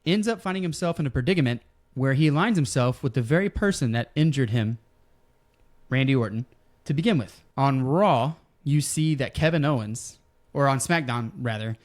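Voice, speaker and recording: A man's voice: mid-range voice, expressive, moderate pace. Man, podcast host, casual, storytelling, loose fillers. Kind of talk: casual wrestling podcast chat.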